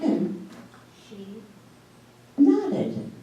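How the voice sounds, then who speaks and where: A woman in her sixties giving a humorous storytelling speech in an animated way, with drawn-out pauses and laughing asides. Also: a little high, dull audio. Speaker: speech contest speaker. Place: meeting hall. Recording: echoey hall from far off.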